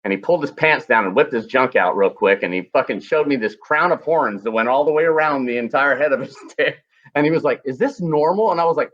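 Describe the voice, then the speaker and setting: A man with a mid-range voice talks a little fast through a muffled recording. Formerly a combat medic, he casually tells crude army anecdotes and performs the quotes of the people involved with animation.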